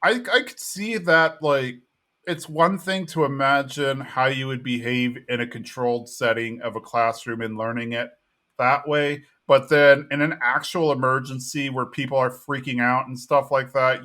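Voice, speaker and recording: Man, podcast co-host, casual recap chat, mid pitch, easygoing, thinking aloud. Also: fairly even intonation, moderate pace, sharp tone.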